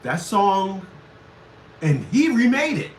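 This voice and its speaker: A man hosting a livestream, ranting crudely with loud laughs and shouted outbursts. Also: high voice, big pitch swings, slow, a little hiss or hum. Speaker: livestream show host. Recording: echoey room, far from the mic.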